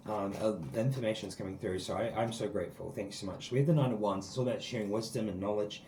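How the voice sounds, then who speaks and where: Earnest, rambling low-voiced man reading tarot. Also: fast talker, dark tone, reverberant, a little hiss or hum, low-quality recording. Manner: earnest, rambling, full of likes and ums. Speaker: tarot card reader. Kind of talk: spiritual tarot reading to viewers. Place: sitting outdoors.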